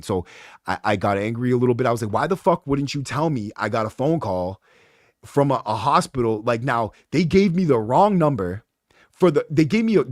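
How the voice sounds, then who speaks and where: A man, hosting a podcast, telling his own story in a casual, profane, animated way. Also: mid-range voice, dry recording, clean studio sound. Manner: animated, profane, rising to heated outbursts. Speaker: podcast host.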